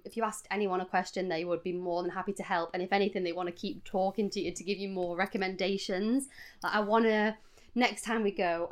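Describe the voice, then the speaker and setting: A young British woman co-hosting a podcast, telling travel stories in a chatty, giggly way. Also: medium pitch. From United Kingdom. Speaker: podcast co-host. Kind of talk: casual chat.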